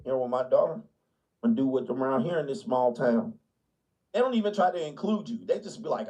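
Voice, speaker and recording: A man's voice: medium pitch, lively intonation, quick pace, a little mellow, low-quality recording. A man ranting in a blunt, mocking way in casual chat, laughing often and sliding into put-on voices. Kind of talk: casual comedic rant. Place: small town, gated suburban home.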